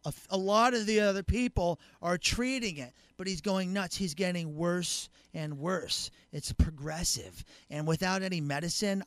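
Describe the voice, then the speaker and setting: A man co-hosting a podcast in a casual chat, animated and joking, acting out little scenes and getting loud. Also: sits high, dry recording. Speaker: guest co-host.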